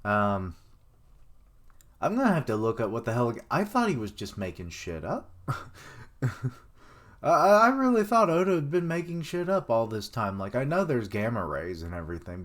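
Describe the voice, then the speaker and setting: A man reading a manga chapter aloud on a live stream, chatting and thinking out loud as he goes. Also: fairly low pitch, big pitch swings, moderate pace.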